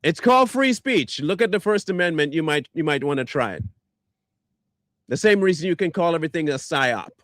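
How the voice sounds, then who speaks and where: Man, online commentator, high voice, sarcastic insult-laden rant, dry sound. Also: animated, a little fast, a bit bright, no echo. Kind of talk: ranting reply to viewer comments.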